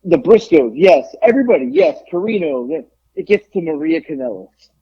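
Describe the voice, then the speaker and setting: A man's voice: fairly high pitch, normal speed, slightly rough. A man on a podcast telling a wrestling story in casual, profane chat, acting out what others said. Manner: animated, profane, acts out quotes. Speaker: podcast guest, pro wrestler. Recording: dull lo-fi audio.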